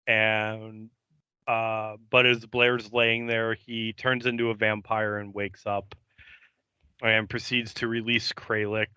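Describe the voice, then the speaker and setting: A man's voice: fairly low pitch, bright, forceful tone, clean tone, no room sound, highs cut off. A man co-hosting a podcast, recapping an episode in a loose, rambling way with many ums and uhs. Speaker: podcast co-host.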